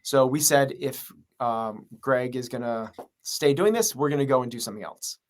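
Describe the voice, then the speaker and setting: A man's voice: mid-range voice, expressive, normal speed. Earnest, rambling man as a guest. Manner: earnest, rambling with many fillers. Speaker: gym owner and coach. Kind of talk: podcast interview guest.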